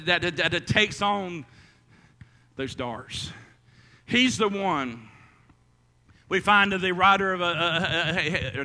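A man's voice: sits high, sharp tone, long reverb tail. A man preaching a sermon as pastor, stumbling through restarts and fillers and rising to emphatic calls.

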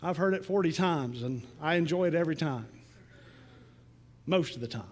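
A man preaching a sermon in a church, earnest and slowing down with rising emphasis on key lines. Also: a little high, expressive, a little mellow, in a large hall. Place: church sanctuary.

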